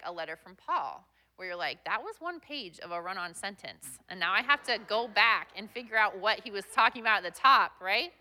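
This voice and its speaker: A woman's voice: medium pitch, bright, forceful tone. A young woman guest pastor giving a chatty, self-deprecating sermon with plenty of fillers.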